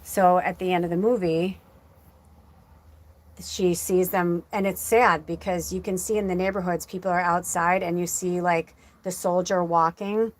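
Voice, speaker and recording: A woman's voice: on the low side, steady tone, a little slow. Emotional rambling woman medium. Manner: rambling, heavy use of "like" fillers; emotional, close to tears. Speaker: psychic medium. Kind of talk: casual livestream storytelling.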